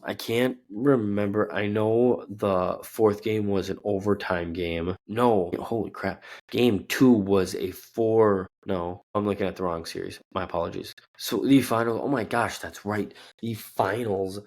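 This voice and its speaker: A man's voice: fairly low pitch, fairly even intonation, a little slow, darkish tone. A man from Minnesota hosting a casual sports talk show, rambling and correcting himself with lots of fillers. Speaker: sports podcast host.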